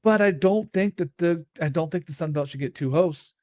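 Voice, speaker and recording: A man co-hosting a college baseball show in casual sports chat, animated, often laughing and acting out quoted reactions. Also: a little high, moderate pace, no room sound, clean studio sound.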